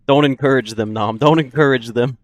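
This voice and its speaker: A man's voice: medium pitch, moderate pace, dry recording. A young man casually commenting on his game for a live stream, joking, laughing and answering chat. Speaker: gaming streamer. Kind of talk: casual let's-play commentary.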